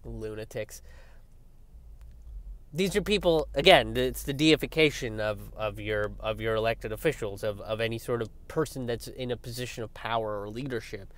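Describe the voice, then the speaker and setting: A young man giving a casual political rant, animated and sarcastic, swearing often and mocking his opponents. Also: mid-range voice, normal speed. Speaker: political commentator. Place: outdoors by a road with passing traffic.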